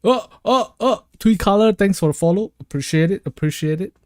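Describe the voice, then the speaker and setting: A man's voice: high voice, animated, brisk, no echo, studio quality. A man streaming a game, chatting casually with his chat and joking around. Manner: joking, laughs often, reads chat aloud.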